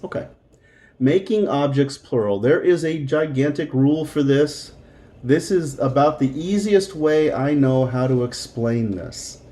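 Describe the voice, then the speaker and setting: A man's voice: mid-range voice, animated, measured pace, dark tone. A man teaching a recorded beginner Spanish lesson, explaining patiently step by step and repeating words.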